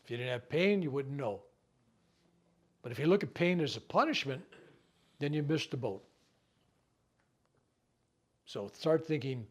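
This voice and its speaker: A man teaching a spiritual healing workshop to a live group in a relaxed, folksy manner. He cracks jokes, poses rhetorical questions, and slips into quick acted-out voices of everyday people. His pitch sits in the ordinary middle range for a man. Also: breathy edge. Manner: conversational and folksy, joking, asks rhetorical questions; acts out people's words in quick asides. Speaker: reverend leading a healing workshop.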